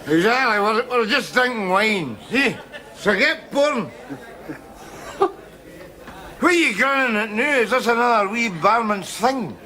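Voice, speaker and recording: Belligerent Scottish drunk, high, bright and lively, stammering through restarts, studio audience faint behind. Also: male voice, measured pace, pauses often, some chatter behind, heavily acted. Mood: blustering. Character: boozy, belligerent middle-aged man. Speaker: sitcom lead. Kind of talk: sitcom acting.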